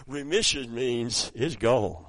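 A man preaching a sermon, telling a story softly and then rising into loud, high exclamations. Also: slow pace, low-quality recording.

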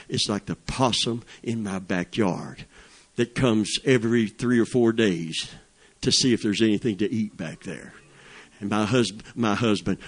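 An older man preaching a sermon in a fervent, folksy way, calling out praise as he teaches. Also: fairly low pitch.

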